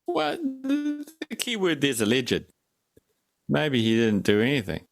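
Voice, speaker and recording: A man's voice: fairly low pitch, creaky, no echo, clean studio sound. A man co-hosting a casual film review chat, rambling and jokey, often breaking off mid-sentence. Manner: rambling, jokey, self-interrupting. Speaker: podcast co-host.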